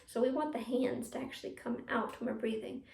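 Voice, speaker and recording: A young woman teaching a youth theatre class from home, coaching the viewer through breathing warm-ups and practice lines. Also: fairly high pitch, fairly even intonation, brisk, vocal fry, crowd noise. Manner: encouraging, talks straight to the viewer, leads breathing drills. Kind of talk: virtual class to children at home. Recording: echoey room.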